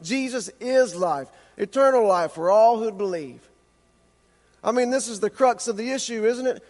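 A man preaching a sermon with impassioned rhetorical questions, slowing down for emphasis. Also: high-pitched, a little mellow, long reverb tail. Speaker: pastor.

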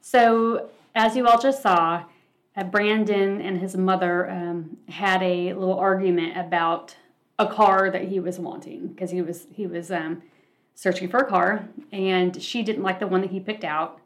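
A woman hosting a podcast who retells events in a relaxed, conversational way, with plenty of ums and uhs. Her voice sits on the lower side for a woman. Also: measured pace. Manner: relaxed, filler-heavy retelling. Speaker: podcast host. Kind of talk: casual podcast recap.

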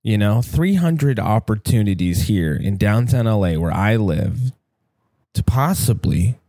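A man's voice: fairly low pitch, lively intonation, unhurried, mellow, no room sound, studio quality. A young man hosting a solo podcast from his apartment window, rambling and self-deprecating with frequent swearing. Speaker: podcast host. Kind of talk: casual solo podcast monologue. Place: apartment by a window, downtown building. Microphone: studio microphone.

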